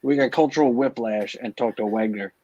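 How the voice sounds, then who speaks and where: A man's voice: medium pitch, brisk, mellow, dry recording, dull audio. A man co-hosting a late-night stream, chatting casually and rambling about guests and accents. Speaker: co-host.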